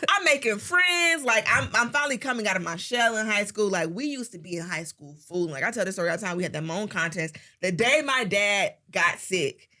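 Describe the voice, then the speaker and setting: A woman's voice: medium pitch, fairly quick, few pauses. A young woman co-hosting a podcast, chatting casually and acting out quotes from her own life. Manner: animated storytelling, swearing, acts out quotes. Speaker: podcast co-host. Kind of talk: casual chat.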